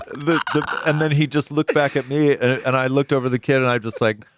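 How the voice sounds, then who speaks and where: A man's voice: medium pitch, steady tone, brisk, background noise. A middle-aged man, a musician guest in a studio interview, telling laughing anecdotes and acting out quoted voices. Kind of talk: casual storytelling interview. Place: recording studio.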